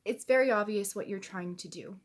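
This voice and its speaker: A woman's voice: medium pitch, brisk. A woman giving heated, indignant reaction commentary to camera, swearing as she gets angry. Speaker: YouTube commentator.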